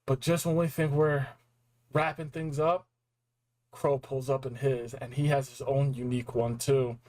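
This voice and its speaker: A young man reviewing a video game in a casual, excited recap, full of slang and acted-out reactions. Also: medium pitch, unhurried, poor audio. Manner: animated, slangy, acts out reactions.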